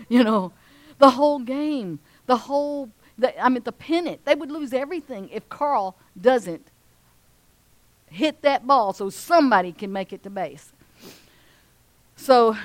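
A woman, preaching and telling a story with lively acted-out voices of a cheering crowd. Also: unhurried, no room sound. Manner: animated, acts out cheering crowds in a high voice. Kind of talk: sermon storytelling.

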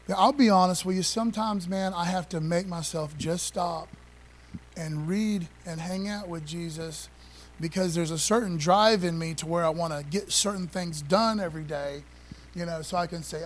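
A man with a fairly high voice preaches to his congregation in a loose, conversational way. He leans hard on key phrases and keeps throwing rhetorical questions at the listeners. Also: normal speed, slight background noise. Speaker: pastor. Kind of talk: sermon.

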